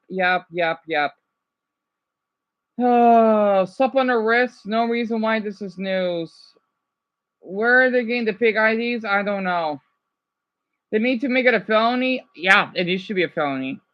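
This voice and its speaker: A man from Arizona with a high voice reacts to a news clip in a muffled recording. His rant is heated and profane, full of swearing and rambling asides.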